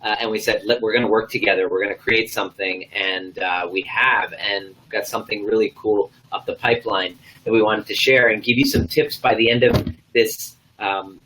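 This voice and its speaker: A man's voice: fairly low pitch, fairly even intonation, moderate pace, sharp tone, slight background noise, low-quality recording. A man hosting a live video stream as a coach, enthusiastic and loose, rambling with lots of ums and uhs. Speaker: host, coach.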